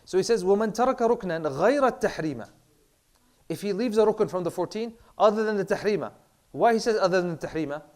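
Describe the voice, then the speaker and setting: A man with a slightly high voice teaches Islamic prayer law in a loose, chatty way. He drops Arabic terms into his English and often stops to repeat himself or fill gaps with "uh" and "um". His throat is a little rough. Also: racing. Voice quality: clears throat, says he has a bad throat. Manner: relaxed, mixes Arabic terms into English, many fillers and repeats. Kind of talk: casual classroom lecture.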